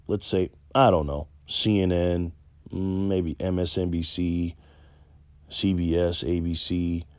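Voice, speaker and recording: Deep-voiced man telling a casual story. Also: darkish tone, dry recording. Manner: chatty and loose, lots of ums and restarts. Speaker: political vlogger.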